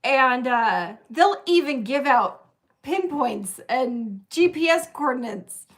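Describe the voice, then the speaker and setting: Slow-talking, laughing woman host. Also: high voice, lively intonation, fairly bright tone. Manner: laughs often, unhurried. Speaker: co-host of a rockhound livestream. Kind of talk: casual livestream chat.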